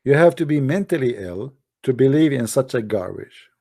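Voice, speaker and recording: A man's voice: mid-range voice, animated, moderate pace, gravelly, dark tone. A man giving a mocking, sarcastic polemical monologue in broken English grammar. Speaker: religious debate commentator.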